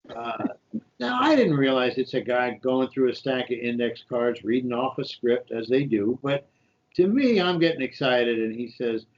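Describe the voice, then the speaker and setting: A man in his fifties from New York tells stories from his life, lively and conversational, and jumps up in pitch to act out voices. The audio is a little dull and muffled. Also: measured pace, vocal fry. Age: 50s. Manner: animated anecdotal storytelling with voiced quotes. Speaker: guest, shadow senator. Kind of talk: storytelling interview.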